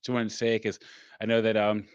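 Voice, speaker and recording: A man hosting a casual podcast reaction chat, talking haltingly with stumbling restarts. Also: fairly low pitch, completely flat delivery, smooth, no room sound, highs cut off. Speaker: podcast host.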